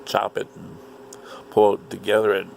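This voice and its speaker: A man telling a story in an animated, indignant rant, swearing often. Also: fairly low pitch, normal speed, creaky, a little hiss or hum. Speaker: vlogger. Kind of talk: casual ranting monologue.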